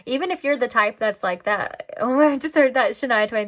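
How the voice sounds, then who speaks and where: A woman giving a casual pick-a-card tarot reading, rambling and filling her talk with "like", often dropping into soft, musing asides. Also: on the high side, moderate pace, hardly any pauses. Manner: rambling, heavy use of "like". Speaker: tarot reader.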